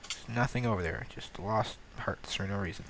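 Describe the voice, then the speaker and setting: Male gamer-host, low register, jokey fake accent, self-deprecating play-by-play; noisy, clicky recording. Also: moderate pace. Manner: self-mocking, jumps from mumbling to excited outbursts; playing around with a put-on accent. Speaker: gaming video host. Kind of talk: let's-play game commentary.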